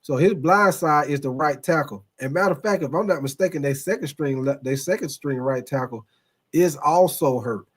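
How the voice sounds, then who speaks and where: A man's voice: fairly high pitch, normal speed, husky. A man hosting a casual sports podcast who talks in a loose, rambling way, addresses his chat directly and laughs often.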